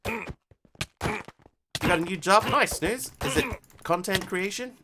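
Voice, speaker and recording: A man's voice: high voice, measured pace, background noise. A man streaming a survival game, chatting casually and reading story text aloud with theatrical flair. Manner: animated, jumping between chatty asides and theatrical reading.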